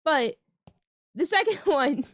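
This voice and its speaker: A woman's voice: high voice, expressive, slow pace, no room sound. A young woman chatting casually while she plays a game, rambling through a story and laughing often as she talks. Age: young adult. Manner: giggly, laughs often mid-sentence. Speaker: gaming channel host. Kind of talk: casual storytelling over gameplay commentary.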